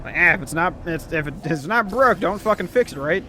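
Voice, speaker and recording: A man's voice: sits high, expressive, a little fast, pushed and bright, slight background noise. A young man telling a rambling story in casual chat, swearing, laughing often and full of fillers. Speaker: storyteller host.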